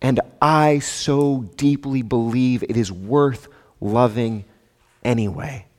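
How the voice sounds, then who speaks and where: Delivering a sermon, a male pastor talks conversationally to his congregation and throws in rhetorical asides. He speaks at medium pitch and a slow pace, recorded with the long reverb of a big hall.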